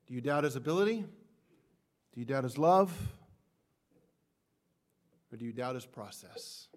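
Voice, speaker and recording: A middle-aged male pastor giving a sermon, moving from soft, hushed passages to loud, impassioned climaxes. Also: medium pitch.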